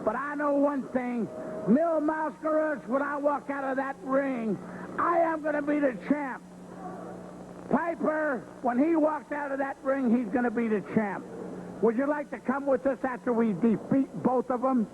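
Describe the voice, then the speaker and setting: A man cutting a taunting pro wrestling promo, swinging between loud threats and hushed, cackling talk. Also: very high-pitched, a little slow, background noise. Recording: archival 1970s TV audio.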